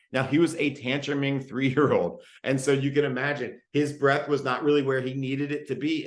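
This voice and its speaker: Man in his 30s, mid pitch, parenting talk, casual storytelling, roomy echo. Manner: relaxed, conversational, many fillers. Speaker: parenting presenter.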